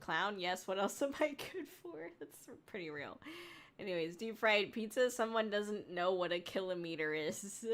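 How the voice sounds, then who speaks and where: A woman's voice: mid-range voice, expressive, a little slow. A young woman streamer chatting casually with her viewers, laughing often and swearing now and then.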